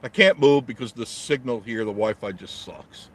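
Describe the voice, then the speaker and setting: A man's voice: medium pitch, moderate pace, a bit bright. A middle-aged man from New York talks off the cuff from the driver's seat of his car. He answers viewers' comments bluntly and with a joking edge. His voice sits in an ordinary middle range. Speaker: travel vlogger reading live chat. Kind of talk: casual live-stream chat from a parked car. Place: inside a car in traffic.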